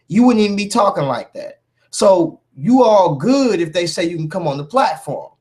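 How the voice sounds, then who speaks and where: A man's voice: high voice, animated, moderate pace, darkish tone. A man calling out a rival in a heated vlog rant, emphatic and confrontational, with "man" and "bruh" as constant fillers. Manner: confrontational, addresses a rival directly. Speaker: YouTube commentator. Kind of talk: heated call-out rant to camera.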